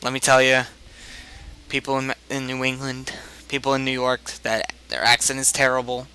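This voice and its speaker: A man's voice: medium pitch, little pitch movement, moderate pace, sharp tone, slight background noise, poor audio. A man from the United States giving casual, joking, rambling commentary over a video game on a headset mic. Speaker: game let's play host.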